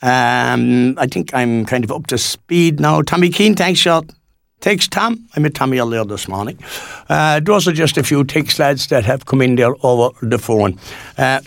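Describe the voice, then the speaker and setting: Gravelly Cork man on local radio. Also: medium pitch, animated, normal speed, no echo, clean studio sound. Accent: Cork Irish. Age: 60s. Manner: rambling and folksy, with many fillers and restarts. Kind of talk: chatty local radio presenting.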